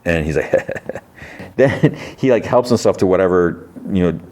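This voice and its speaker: A man's voice: low-pitched, expressive, unhurried, darkish tone, slight background noise. A man casually recapping a TV episode on his podcast, rambling with fillers and chuckles. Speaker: podcast host.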